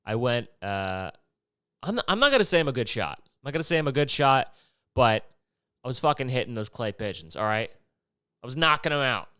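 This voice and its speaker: A man's voice: mid-range voice, big pitch swings, brisk, bright, forceful tone, smooth, no room sound, studio quality. Rambling, profane podcast host man. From Maryland. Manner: rambling, profane, jumps between topics. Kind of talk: casual solo podcast monologue.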